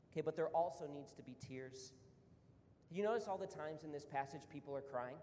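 High-voiced preacher man in a reverberant hall. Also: brisk, mellow. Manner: conversational, rising to fervent emphasis. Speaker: pastor. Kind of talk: sermon. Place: church hall. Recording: roomy hall reverb, faint rumble.

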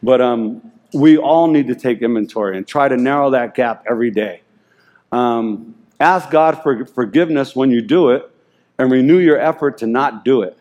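A man giving an informal, excited sermon, rambling and self-deprecating as he reads scripture aloud. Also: mid-range voice, moderate pace, highs cut off. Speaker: lay preacher.

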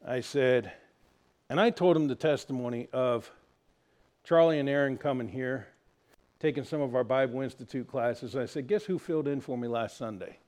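A middle-aged man, a pastor, preaching a sermon in a folksy way, swinging from loud emphasis to quiet, confiding asides. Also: mid-range voice, normal speed.

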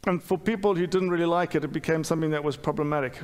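A middle-aged man delivers a sermon in a fairly high voice. He talks candidly and pokes fun at himself, stumbling through restarts and fillers. His voice rings out with a long reverb in a church hall. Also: fairly even intonation, very fast, a little mellow, clear, resonant tone. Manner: candid, self-deprecating, with frequent fillers and restarts. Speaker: pastor.

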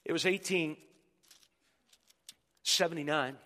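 A male pastor delivers a sermon slowly in a bright, forceful, fairly high voice, stressing his points emphatically and frequently repeating words. The recording echoes with the long reverb of a large hall.

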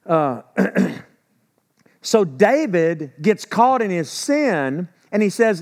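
A man's voice: high voice, expressive, measured pace, a little mellow. Emphatic, conversational male preacher. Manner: conversational and emphatic, asking rhetorical questions; acts out quoted speech in a casual voice. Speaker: pastor. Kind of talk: sermon.

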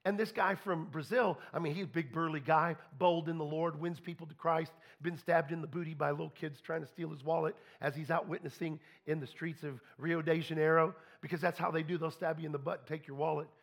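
A preacher, a man with a high voice that is gravelly and husky at once. He tells his story in a folksy way, stumbling over restarts and acting out both sides of every conversation in church. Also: fairly even intonation, a little fast, few pauses. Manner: folksy, repeats and restarts, quotes people in dialogue. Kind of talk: storytelling sermon.

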